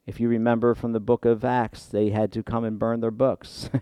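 A male pastor preaching a sermon in church, swinging from hushed asides to loud emphatic peaks. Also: medium pitch, level tone, normal speed, smooth, no echo.

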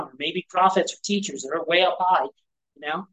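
A man's voice: on the high side, brisk, pushed and bright, rough recording. Man preaching a chatty, conversational sermon. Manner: rhetorical questions, frequent "right?" and "you know". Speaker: pastor. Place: church gathering.

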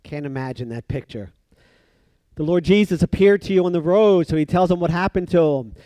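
A male preacher delivering a sermon in a slightly higher-than-usual voice, recorded close and dry. He plays the people in the story he tells and swings from emphatic, raised lines down to quiet, near-hushed ones. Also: brisk, no room sound.

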